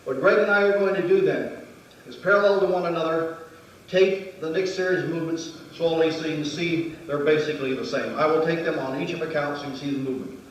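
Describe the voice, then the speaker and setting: A man's voice: fairly high pitch, quick pace, a little hiss or hum. Man teaching in an echoey hall. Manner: methodical, counting out movements. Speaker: martial arts instructor. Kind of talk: demonstration lesson. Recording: very echoey hall, distant mic.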